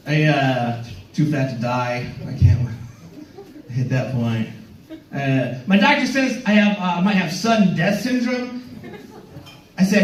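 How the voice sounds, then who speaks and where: Male stand-up, high-pitched and animated, stammering crowd-work style; roomy, distant club recording. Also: measured pace, pauses often, highs cut off, a little hiss or hum. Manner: rambling, stammering restarts, playful crowd banter. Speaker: stand-up comedian headlining. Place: comedy club stage. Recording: roomy club sound from far off.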